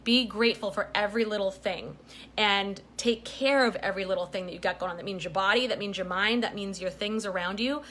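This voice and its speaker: A woman's voice: medium pitch, brisk, fairly bright tone. Middle-aged woman vlogging, chatty, keeps going "okay? right?", bit of faint noise in the back. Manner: chatty and emphatic, frequent "okay?" and "right?" check-ins. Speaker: vlogger giving life advice. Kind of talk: casual direct-to-camera advice.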